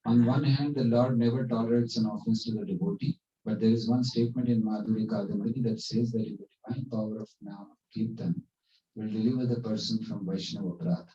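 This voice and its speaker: A man's voice: on the low side, steady tone, quick pace, mellow. A man giving a devotional class, telling stories in a conversational way with fillers. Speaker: spiritual teacher. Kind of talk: devotional class talk with storytelling. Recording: echoey hall, distant dull mic.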